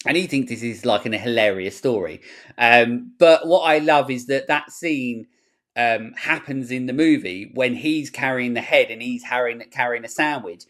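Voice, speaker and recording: A podcast host chats casually, rambling in an animated way and swearing freely. He has a mid-range voice and talks at a moderate pace.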